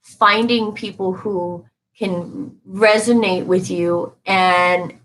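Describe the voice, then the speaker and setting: A woman's voice: mid-range voice, steady tone, slow, a bit bright, poor audio. A woman giving a live-stream tarot reading, talking casually and emphatically to her viewers and answering their comments as she goes.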